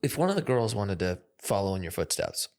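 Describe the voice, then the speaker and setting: A man hosting a podcast and asking his guest questions in a relaxed, conversational way. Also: sits low, a little fast, gravelly. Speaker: podcast host. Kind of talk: casual interview chat.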